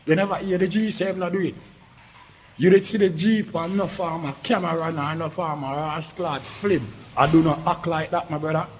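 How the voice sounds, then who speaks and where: A man's voice: fairly high pitch, big-room sound, a little hiss or hum. A man with a Jamaican accent delivers a confrontational, profanity-heavy rant in patois, aimed at a rival. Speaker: online commentator.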